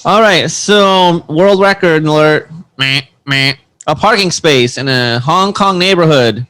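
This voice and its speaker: A man with a slightly high, pushed and bright voice co-hosts a comedy podcast at an unhurried pace, reading odd news stories aloud and joking with friends. He's jokey, laughs often, and trips over his words in this casual banter, and the recording has no echo.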